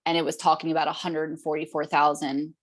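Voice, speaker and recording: Low-voiced, earnest woman. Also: level tone, fast. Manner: earnest, encouraging, storytelling. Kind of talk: casual group call chat. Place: online group video call.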